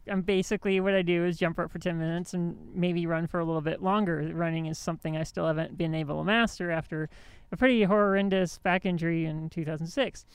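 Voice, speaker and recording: A woman's voice: fairly low pitch, clean tone, no echo. A woman hosting a show, telling a story in a casual monologue with indignant emphasis and many restarts. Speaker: host.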